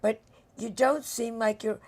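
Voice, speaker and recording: A woman's voice: a little high, steady tone, unhurried, darkish tone, breathy edge. An older woman hosting a casual talk show, interviewing her guest with brash, teasing jokes. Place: bedroom set.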